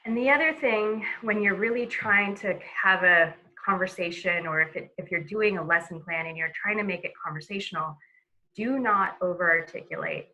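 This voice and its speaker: A woman giving a relaxed webinar lesson on a video call, talking casually with many fillers and restarts. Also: medium pitch, normal speed, highs cut off. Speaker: presenter.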